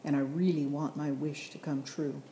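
An eager young boy speaks earnestly, as a woman reads his part. Her tone stays low and mellow. A roomy echo hangs on the recording. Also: little pitch movement, normal speed, a little hiss or hum.

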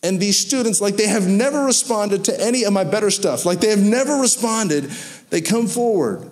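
A man preaching a sermon, telling stories with lively acted-out quotes. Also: high-pitched, normal speed. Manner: animated storytelling with acted-out quotes. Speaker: pastor.

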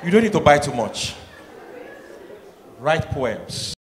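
A man from Nigeria with a Nigerian accent doing stand-up comedy, acting out voices and swinging from soft asides to shouted punchlines. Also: on the high side, very animated, slow. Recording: echoey hall, noisy live room.

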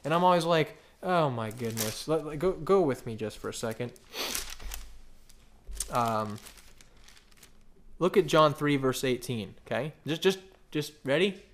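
A man's voice: on the high side, lively intonation, measured pace, pauses often, a little hiss or hum. A male pastor preaching a sermon, emphatic and full of rhetorical questions, often stumbling and restarting his phrases.

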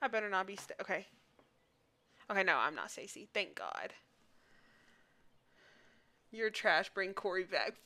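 Woman streamer, sharp bright tone, leisurely pace, playful slangy trolling; faint game music behind. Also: mid-range voice, very animated, measured pace, pauses often. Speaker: gaming streamer. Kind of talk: casual gameplay commentary.

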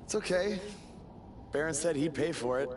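A man's voice: on the high side, normal speed, crowd noise, natural voice. A man voicing an easygoing young wrestler. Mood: friendly. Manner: relaxed, friendly. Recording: game audio with clear background noise.

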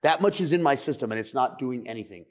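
A middle-aged man tells the story of his addiction recovery as a podcast guest, speaking fast, intense, blunt and profane. His voice sits in the mid range, animated and a little mellow.

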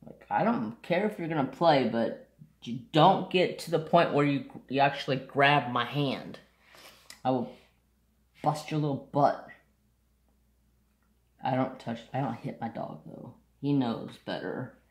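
A man's voice: mid-range voice, roomy sound. A man chatting casually to camera, telling a rambling story and sidetracking often, with blunt, offhand asides. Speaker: craft vlogger.

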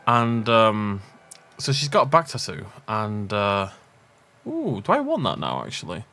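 A man's voice: fairly low pitch, huge pitch swings, unhurried, pushed and bright. A man hosting a let's play, rambling casually and laughing often while he plays. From half Irish. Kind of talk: casual gaming commentary.

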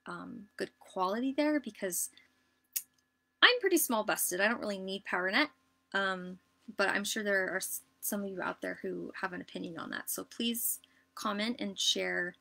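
A woman giving a casual live sewing tutorial, chatty and relaxed, with lots of ums and likes. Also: mid-range voice, moderate pace, vocal fry. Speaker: sewing instructor.

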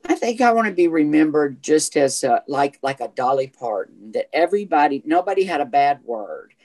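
A man with a strong Southern US accent and a voice he calls gay, talking as an actor guest in an interview. He tells his stories in a chatty, animated way, hopping from thought to thought. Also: fairly high pitch, moderate pace. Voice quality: self-described gay voice. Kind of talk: casual interview chat.

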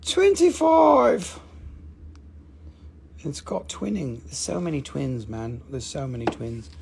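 A man hosting a live crystal sale in casual, playful chat. He jokes, gets excited easily and drifts into broken-English sales talk. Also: medium pitch, moderate pace, creaky, slight background noise. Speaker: host selling crystals on a live stream.

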